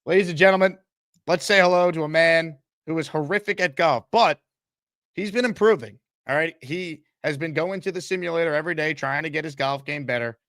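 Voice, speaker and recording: A man hosting a sports call-in show, his voice sitting a little higher than most. He rants with a sarcastic, exasperated edge, and the sound is close and dry with no room echo. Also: brisk, a bit bright. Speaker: sports talk show host.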